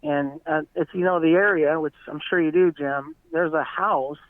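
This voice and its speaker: Man with a slightly high voice, tinny phone line. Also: big pitch swings, normal speed, creaky, a crowd in the background. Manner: earnest, rambling retelling. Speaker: eyewitness guest. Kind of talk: casual storytelling.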